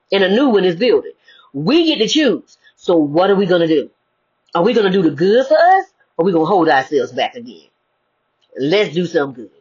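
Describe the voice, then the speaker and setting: Husky-voiced woman preaching, lots of rhetorical questions. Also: mid-range voice. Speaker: motivational speaker. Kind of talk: spiritual sermon-style talk. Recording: dull lo-fi recording.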